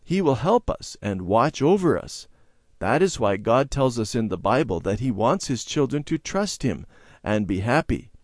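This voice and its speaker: A man voicing a gentle Sunday school teacher. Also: medium pitch, very animated, moderate pace, no echo, studio quality. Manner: gentle and instructive. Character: kind, patient Sunday school teacher woman.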